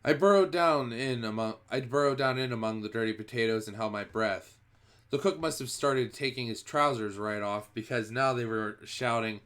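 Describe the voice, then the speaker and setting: A man's voice: mid-range voice, normal speed, a bit bright. A man streaming a first-person read-through of a children's book, reading expressively and often going back to restart a phrase.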